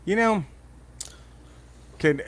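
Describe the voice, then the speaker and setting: A man's voice: high voice, lively intonation, extremely slow. A man co-hosting a podcast in casual banter, profane and joking, laughing often and restarting his sentences as he rambles. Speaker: podcast co-host.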